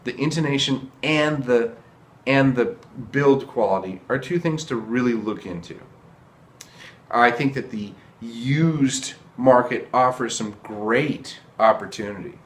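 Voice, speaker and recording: A man's voice: mid-range voice, measured pace, roomy sound. A man giving a casual video lesson on trumpets, earnest and repeating key points for emphasis. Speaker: trumpet teacher.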